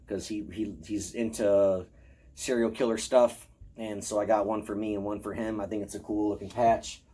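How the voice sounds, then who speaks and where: A man telling a casual, profanity-heavy story about his convention haul, acting out his own lines. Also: fairly low pitch. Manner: profane, animated, acts out his own quotes. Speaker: horror convention vlogger showing his haul.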